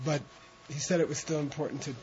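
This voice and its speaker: A man leading a translation class, talking slowly and relaxed while he coaches pronunciation. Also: a little high, a little hiss or hum. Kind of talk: informal class talk with chanted reading. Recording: dull lo-fi classroom recording.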